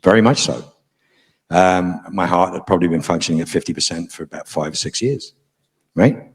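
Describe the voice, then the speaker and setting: A man's voice: low voice, brisk, husky. A middle-aged man, a guest on a convention panel, telling a story to a live audience in a frank, profane, dryly humorous way.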